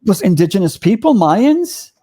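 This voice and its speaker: A man's voice: high voice, big pitch swings, normal speed, mellow. An older man in casual reaction chat, ranting with profanity and repeating his words. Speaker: co-host.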